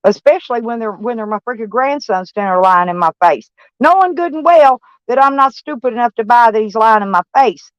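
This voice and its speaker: A woman's voice: a little high, animated, brisk, smooth, no room sound. Blunt, foul-mouthed older woman venting. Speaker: van-life vlogger. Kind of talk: casual rambling talk to camera. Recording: dull, dry recording.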